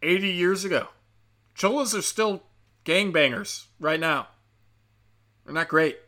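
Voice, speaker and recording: A man's voice: sits high, unhurried, bright, forceful tone. A man hosting a show, ranting in profane, sarcastic commentary and mocking the people he talks about.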